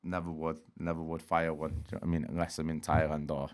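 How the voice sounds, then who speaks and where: A man's voice: extremely low pitch, level tone, fast talker. A man, a guest telling street stories in a slangy, swearing style and acting out quotes. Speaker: interview guest. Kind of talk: casual storytelling.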